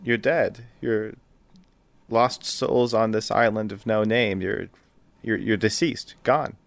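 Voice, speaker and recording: A man's voice: on the low side, steady tone, slow, creaky, no echo. A man voicing a mysterious lady who rules an island of the dead, solemn and apologetic, in a tabletop game.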